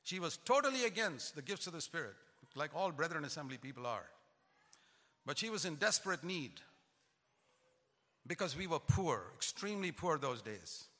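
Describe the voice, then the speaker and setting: An older man preaching a sermon, emphatic and rising in pitch to stress his points. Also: big pitch swings, moderate pace, pauses often, bright, forceful tone. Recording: long hall reverb.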